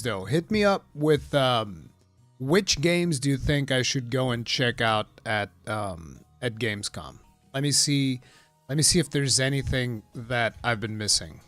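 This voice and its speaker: A man's voice: medium pitch, a little slow, no echo, faint music behind. A man hosting a casual live stream, rambling through gaming news and reading chat aloud. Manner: rambling, reads chat aloud, bursts of laughing excitement.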